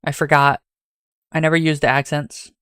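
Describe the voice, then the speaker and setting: A rambling streamer with a Southern US accent. He chats casually to his viewers in a fairly high, smooth voice that sounds dry and close. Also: level tone, moderate pace, a bit bright, no echo. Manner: rambling and chatty, talks straight to chat.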